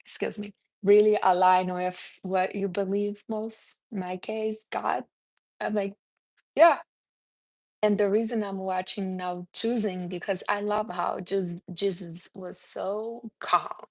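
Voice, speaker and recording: A woman with a Brazilian accent speaks in a casual, earnest live-stream style, her everyday voice sitting mid-range and jumping up high when she gets lively. The sound is close and dead dry, with no room in it. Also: takes it slowly, no room sound. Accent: Brazilian Portuguese. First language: Portuguese. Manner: earnest, reads live chat names, answers viewers. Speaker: self-esteem coach hosting a live stream.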